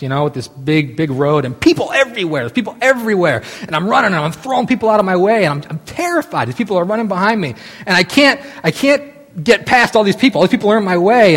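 A man in his thirties telling a long story casually, animated and full of restarts. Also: high-pitched. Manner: animated, many restarts and "right?" asides. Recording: long hall reverb.

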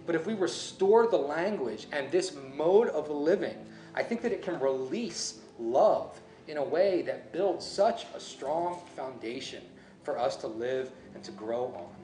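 A man's voice: on the high side, expressive, unhurried, dark tone, a little hiss or hum. Conversational male pastor in an echoey room. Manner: conversational, musing, self-correcting. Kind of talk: sermon.

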